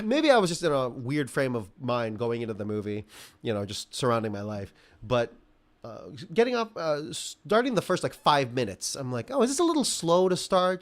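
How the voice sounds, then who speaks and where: A man chatting about a film on a podcast, eager and loose, tripping over restarts as his thoughts race ahead. His voice sits at an ordinary middle pitch. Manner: enthusiastic, rambling with many restarts. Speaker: podcast co-host. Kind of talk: casual film review chat.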